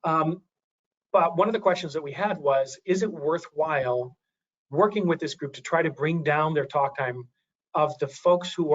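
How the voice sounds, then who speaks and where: A man's voice: on the high side, highs cut off. A man giving a webinar presentation, talking through graphs, thinking aloud with many restarts and fillers.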